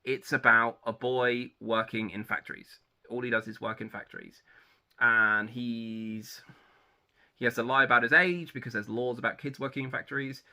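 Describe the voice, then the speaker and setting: A man's voice: mid-range voice, steady tone, normal speed, pushed and bright. A man giving a chatty, rambling spoken review of short stories, full of ums and restarts. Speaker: book reviewer. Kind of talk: casual spoken book review.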